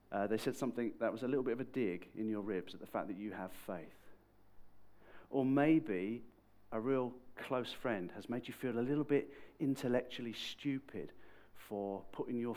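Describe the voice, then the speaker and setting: Conversational male preacher. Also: mid-range voice. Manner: conversational and lively, with sudden bursts of emphasis. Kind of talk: sermon.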